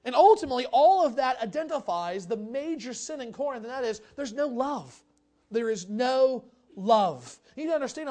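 A pastor preaching a sermon to a congregation, talking in a conversational way with casual asides, reading scripture aloud and building to shouted exhortation. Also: mid-range voice.

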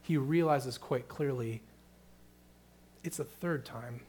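A middle-aged man preaching a sermon, moving between hushed, tender passages and loud, emphatic questions. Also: mid-range voice, slow, slight background noise. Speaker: pastor.

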